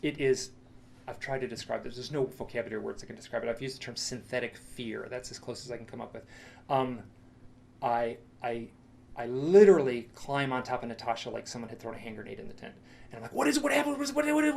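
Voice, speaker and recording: A middle-aged man speaks in a lecture room, recounting a personal experience in a storyteller's way. His voice is mid-pitched with a gravelly, fry-tinged texture, and he often stops, restarts and repeats phrases. A faint noise sits behind the recording. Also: fairly even intonation, a little mellow. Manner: halting, repeats himself, dramatic quoted asides.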